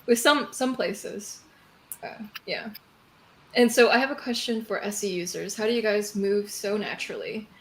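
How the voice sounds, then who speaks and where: A woman hosts a live panel, curiously putting questions to her guests in a relaxed way. Faint noise hums under her voice. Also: medium pitch, normal speed, rough recording. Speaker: host.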